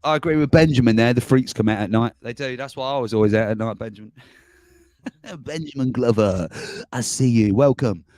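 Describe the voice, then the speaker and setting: A man's voice: medium pitch, fairly quick, darkish tone, dry recording. A man hosting a casual livestream, rambling and chuckling as he reads out viewer comments. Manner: chuckling, rambling, self-mocking. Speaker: livestream host.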